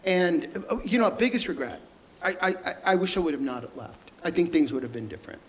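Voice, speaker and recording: A middle-aged man telling emotional stories as a guest onstage, halting and stumbling over repeated words. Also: fairly high pitch, very animated, low-quality recording. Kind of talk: emotional storytelling conversation.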